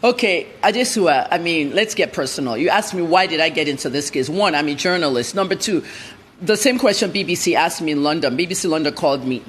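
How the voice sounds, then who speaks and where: Woman journalist guest on TV news, blunt and animated. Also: deep voice, fairly quick, slight background noise. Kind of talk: TV news interview.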